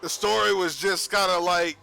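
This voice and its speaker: A man chatting casually on a livestream, telling a profane, animated story with frequent laughs. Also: sits high, normal speed, gravelly. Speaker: streamer. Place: home streaming setup.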